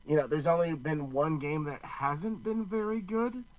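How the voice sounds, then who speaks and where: A man's voice: fairly high pitch, moderate pace, far from the mic, low-quality recording. A young man from the Chicago area co-hosting a podcast, talking sports in a rambling, casual way. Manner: rambling, restarts often. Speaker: podcast co-host.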